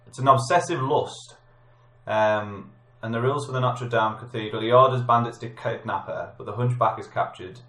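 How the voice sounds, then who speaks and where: British male podcast host, mid-pitched, quips while reading film facts in a roomy space. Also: moderate pace, bright, forceful tone. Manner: jokey, reads film facts off a screen. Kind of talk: casual film debate chat. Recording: roomy echo.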